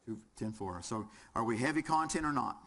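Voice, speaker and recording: A man with a Southern US accent teaches a fire service class, his mid-range voice pushed and bright, with lively intonation and a fairly quick pace. He lectures while quizzing the audience and cracking jokes along the way.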